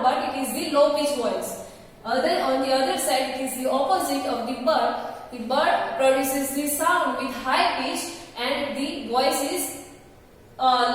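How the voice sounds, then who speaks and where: High-voiced woman teaching in an echoey room. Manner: repetitive, restating points with fillers. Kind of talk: explaining a science textbook chapter. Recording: echoey room, distant mic, faint noise.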